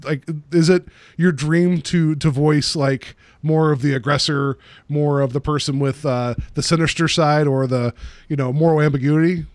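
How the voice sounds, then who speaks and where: A man's voice: a little high, no room sound. Rambling man with a dry close voice. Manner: rambling, hesitant, many restarts. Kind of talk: casual interview chat.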